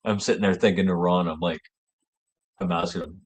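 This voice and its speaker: A man with a lowish voice hosts his own show, telling a long story off the cuff. He rambles and swears freely. He laughs often, and his voice leaps up high whenever he gets worked up. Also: a little fast, husky. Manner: rambling and profane, laughing, voice jumping high when excited. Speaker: show host. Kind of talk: casual storytelling monologue.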